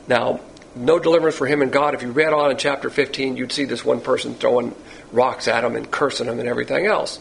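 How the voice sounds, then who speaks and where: A man's voice: medium pitch, fairly even intonation, fast, creaky, slight background noise, rough recording. A man giving a folksy, conversational Bible teaching, repeating himself and wandering into asides. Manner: folksy, repetitive, digressive storytelling.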